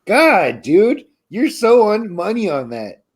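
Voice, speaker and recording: A man's voice: high voice, wildly swooping pitch, slow pace, slightly rough. A man co-hosting a casual podcast chat, blunt and jokey, swearing freely. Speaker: podcast co-host.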